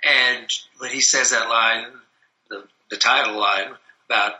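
A man's voice: mid-range voice, moderate pace, bright, forceful tone, highs cut off. A man talking casually about the short film he wrote, rambling with many fillers and restarts. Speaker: filmmaker interviewed about his short film. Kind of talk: casual interview.

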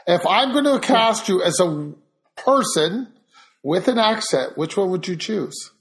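Lady host asking questions, kinda gravelly fry in her voice. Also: medium pitch, lively intonation, unhurried. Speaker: talk show host. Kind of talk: interview hosting.

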